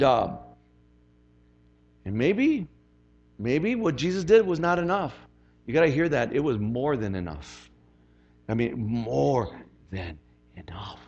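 A man's voice: fairly high pitch, highs cut off. Conversational man preaching a sermon. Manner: conversational, emphatic, repeats phrases. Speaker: pastor.

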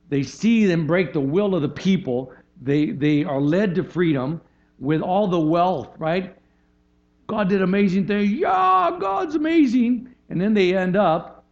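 A male pastor preaches in a loose, conversational way, restarting phrases and tossing "right?" to the congregation. His voice sits a little higher than most men's. The recording sounds muffled and lo-fi. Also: darkish tone. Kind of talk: sermon.

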